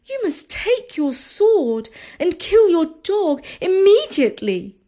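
A woman voicing a young, protective bride in a storybook reading, speaking in a high, urgent, insistent way. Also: very animated, slow, dark tone, heavily acted. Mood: alarmed.

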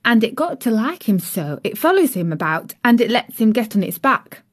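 A woman's voice: a little high, big pitch swings, moderate pace. A woman voicing a cheerful, chatty young serving girl, homely and outspoken.

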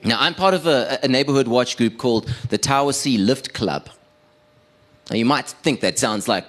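A man performing a stand-up comedy set as a radio producer, animated, with stumbling restarts. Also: medium pitch, normal speed.

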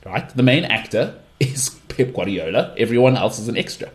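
Animated, opinionated English podcast host. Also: male voice, normal speed. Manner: opinionated, animated, jumps into high-pitched mock outbursts. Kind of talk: solo podcast monologue.

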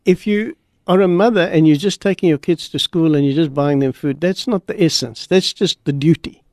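Brief: man, guest pastor, gravelly voice, slow emphatic storytelling. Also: on the high side, a little mellow, no room sound, clean studio sound. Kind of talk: preaching and storytelling on radio.

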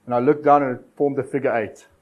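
A man preaching a sermon, urging his listeners with repeated phrases and dramatic pauses. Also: mid-range voice, fairly even intonation, narrow, tinny audio. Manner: exhortative, repetitive cadence with dramatic pauses.

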